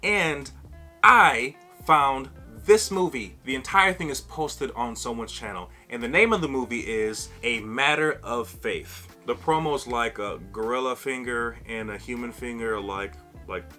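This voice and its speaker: A man vlogging to camera, telling a funny personal story in a casual, animated way and acting out what others said. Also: medium pitch, measured pace, faint music behind. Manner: animated, acts out other people's lines.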